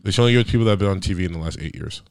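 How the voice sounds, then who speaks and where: Young guy w a deep voice, rambling jokey banter, talks fast. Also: gravelly, smooth, dry recording, clean studio sound. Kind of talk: casual chat.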